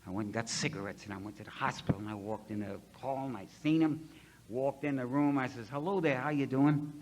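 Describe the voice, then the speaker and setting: This is a plain-spoken man from Ohio, middle-aged, sharing his story from the podium at a recovery gathering. He tells it in a folksy, blunt way and acts out every exchange. A faint hiss sits under his mid-pitched voice. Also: fairly even intonation, fast. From Ohio, USA. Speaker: speaker at a recovery convention. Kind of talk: personal recovery story told to an audience.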